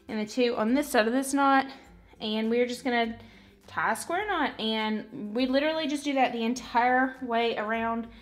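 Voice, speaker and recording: A woman's slightly high, somewhat bright voice carries a casual, meandering craft tutorial as she works on a wall hanging at home. As a craft vlogger, she leans heavily on "y'all" and "literally."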